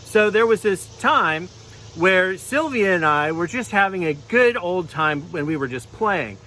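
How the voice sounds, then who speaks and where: A man telling a children's sermon with puppets, in a gentle storytelling manner. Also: high-pitched, expressive, measured pace, slight background noise, poor audio. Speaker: clergy giving children's sermon.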